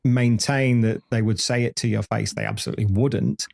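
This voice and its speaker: During a candid interview, a man in his fifties who hosts a podcast wanders through stories, restarting often. He speaks at normal speed in a low, steady, darkish voice with vocal fry.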